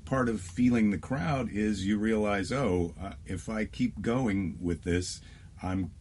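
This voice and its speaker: Low-voiced comedian chatting. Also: male voice, takes it slowly, a little mellow, slight background noise. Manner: storytelling, acts out quoted lines. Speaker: stand-up comedian guest. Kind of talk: casual chat.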